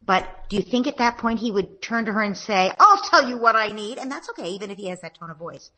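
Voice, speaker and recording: A woman giving parenting advice in a podcast conversation, acting out gentle things a parent would say. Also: medium pitch, fast, rough recording. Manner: acts out gentle parent lines in a lilting voice. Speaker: parenting expert guest.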